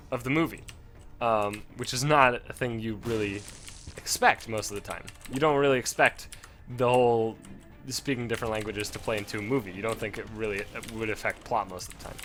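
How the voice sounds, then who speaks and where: A man's voice: mid-range voice, fairly bright tone. Rambling young man streaming a game. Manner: rambling, many fillers and restarts. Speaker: gaming streamer. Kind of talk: casual commentary while playing.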